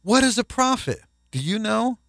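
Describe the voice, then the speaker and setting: A man preaching a sermon as a pastor, emphatic and rising in pitch when quoting scripture. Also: sing-song, normal speed, vocal fry, fairly bright tone, dry recording.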